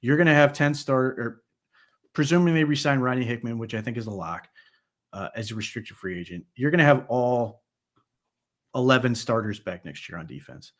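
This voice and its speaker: Man giving animated post-game football analysis. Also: medium pitch. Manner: conversational, animated analysis with restarts. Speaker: sports podcast co-host.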